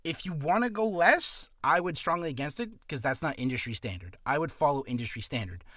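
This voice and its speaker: A slightly high-voiced man talks through career advice in a loose, rambling way, restarting his sentences as he goes. He coughs from acid reflux now and then. The sound is dry and close. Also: animated, a little fast, fairly bright tone, no room sound. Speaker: voice actor giving career advice. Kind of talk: casual advice vlog.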